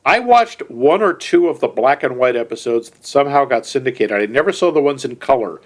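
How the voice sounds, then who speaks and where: A man with a mid-range voice talks through a movie podcast in a measured way. He makes dry, wry remarks at an unhurried pace. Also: medium pitch, animated. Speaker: podcast co-host. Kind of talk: casual movie podcast chat.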